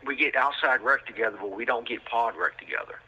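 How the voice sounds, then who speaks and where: A man's voice: mid-range voice, a little fast, pushed and bright, breathy edge. A man telling a rambling story with lots of fillers and street slang, recorded over a prison phone line. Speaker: podcast host telling his own story.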